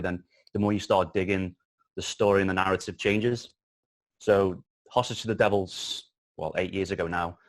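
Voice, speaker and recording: Scouse male guest, 30s, very low voice, loose rambling delivery, restarts and swearing. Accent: Liverpool (Scouse). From Liverpool, England. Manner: rambling, many restarts, swears casually, deliberately slowed accent. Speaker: guest, filmmaker. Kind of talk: casual interview chat.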